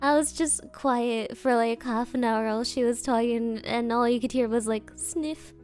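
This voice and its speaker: A woman's voice: fairly high pitch, moderate pace, a little mellow. A woman VTuber chatting casually on a livestream, playful and bouncy, sniffly after crying, reading donations and dropping in Japanese words. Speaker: VTuber streamer.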